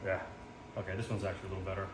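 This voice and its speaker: Filmed in portrait on a phone, this deep-voiced man keeps a level tone but speaks rapid-fire while cooking at home. He's a vlogger rambling through casual kitchen chat, full of ums and jokes at his own expense, with echo and background noise around him.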